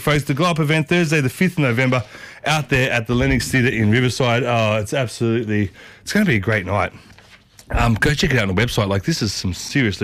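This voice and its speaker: An excitable Australian man hosts breakfast radio, bouncing between chatty asides and traffic updates. He sits close to a studio mic, and the sound is dry and close with no room around it. His pitch sits in an ordinary middle range for a man. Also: no echo. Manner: excitable, chatty, addresses listeners as folks. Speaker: radio host. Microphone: studio microphone.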